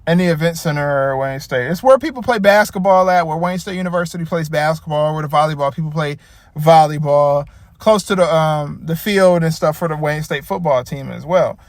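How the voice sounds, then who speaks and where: A man's voice: a little high, fairly quick, no room sound. A man from the Detroit area giving a casual, profane, rambling rant about a wrestling show. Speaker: wrestling commentator.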